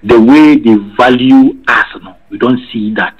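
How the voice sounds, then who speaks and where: A Ghanaian man with a husky, breathy voice holds a casual chat. He slips between Twi and English and doubles back on his words. His pitch sits in a middle range. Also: unhurried, dull audio. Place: living abroad in England.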